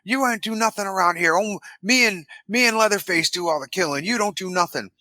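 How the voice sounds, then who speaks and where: A man putting on the voice of a crude, menacing young male hitchhiker, in a mocking, higher-pitched drawl. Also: a little fast, sharp tone, no room sound. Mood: taunting.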